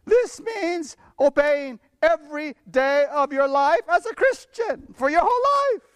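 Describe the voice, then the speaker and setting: A man with a strikingly high voice preaches a sermon, bluntly driving each point home with frequent chuckles between lines. His pitch swings widely, rising and falling as he presses his message, and the sound is dry and close. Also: lively intonation, unhurried, fairly bright tone, no room sound. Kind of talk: sermon with Bible reading.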